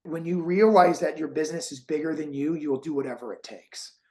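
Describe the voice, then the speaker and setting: An emotional, encouraging man hosting an interview. His voice sits a little high, and he talks with warmth and feeling. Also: brisk. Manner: heartfelt, encouraging, gets emotional. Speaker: host and course creator.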